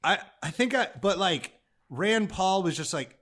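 A man's voice: high voice, a little slow. A young man, a comedian guest, telling stories in casual chat, acting out quotes with lots of swearing and laughter. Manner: animated storytelling, acts out quotes, swears, laughs.

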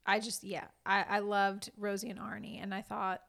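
A woman's voice: medium pitch, little pitch movement, moderate pace, vocal fry, fairly bright tone. A woman co-hosting a podcast, giggly and gushing in a casual movie review chat. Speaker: podcast co-host.

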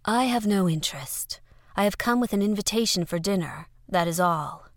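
A woman doing a soft, airy alien artist. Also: medium pitch, expressive, normal speed, no echo, clean studio sound, close to an everyday voice. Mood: aloof. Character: serene graceful male insect-like alien artist.

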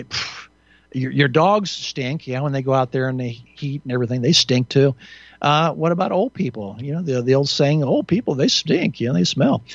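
A man's voice: mid-range voice, no echo, dull audio. A man hosting a talk radio show alone, rambling through indignant, sarcastic commentary with frequent restarts and fillers.

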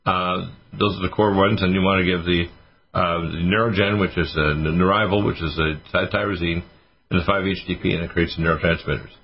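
Low husky-voiced man rattling off remedies. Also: steady tone, fairly quick. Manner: rambling, lists supplements with many fillers. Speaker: doctor answering listener questions. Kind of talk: casual radio call-in advice. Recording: dull lo-fi radio audio.

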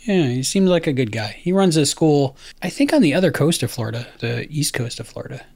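A man's voice: a little high, sing-song, fairly quick, gravelly, a little mellow, no echo. A man hosting a casual podcast chat, rambling along with lots of fillers and restarts. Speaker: podcast host.

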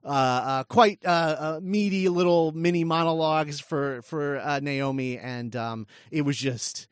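A male podcast host with a voice a touch higher than most men's, talking casually, hesitating with lots of fillers and laughing often. The recording is close and dry, with no room sound. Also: measured pace, clean tone, no echo.

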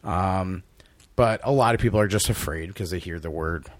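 A deep-voiced man co-hosting a podcast sounds sick as he chats casually at normal speed. He's an animated storyteller who swears a lot, recorded with no echo.

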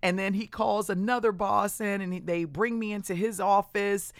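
A woman's voice: mid-range voice, fairly even intonation, normal speed, no echo, studio quality. A woman podcast host telling her personal story in a candid, conversational way, often acting out what other people said.

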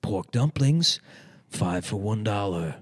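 A man putting on the voice of a loud, brash woman hawking cheap dumplings in clipped calls. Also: on the low side, expressive, slow, no room sound, studio quality.

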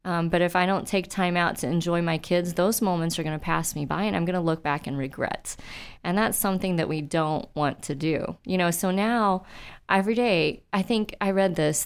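Smooth-voiced earnest woman guest. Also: fairly low pitch, normal speed. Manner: earnest, talks with many fillers. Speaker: podcast guest, eye doctor. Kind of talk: casual interview chat.

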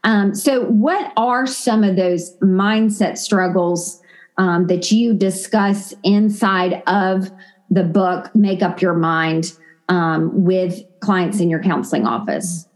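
A woman's voice: lowish voice, takes it slowly. A woman hosting an interview, asking questions with many hesitations and fillers. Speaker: interview host.

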